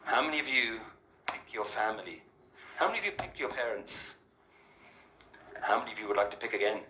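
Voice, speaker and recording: A man with a lowish voice and lively intonation speaks a little fast over some background noise. He is a spiritual speaker giving an interactive talk to a live audience, chatting casually, asking rhetorical questions and checking in often with "yeah?" and "right?". The recording comes from an echoey hall with faint ambience.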